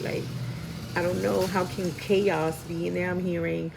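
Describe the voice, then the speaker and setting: A woman's voice: on the low side, flat delivery, normal speed, gravelly, background noise. A woman reading tarot cards in a casual spiritual style, thinking aloud with many fillers and frequent "right?" checks. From Puerto Rican, from New York and Philadelphia area. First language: Spanish heritage speaker. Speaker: tarot reader.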